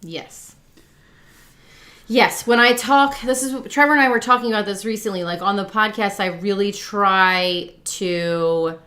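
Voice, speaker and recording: A woman from South Jersey with a South Jersey accent, co-hosting a casual livestream chat and getting loud when she rants. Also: mid-range voice. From South Jersey, USA. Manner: gets loud and fired up when ranting. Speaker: livestream co-host.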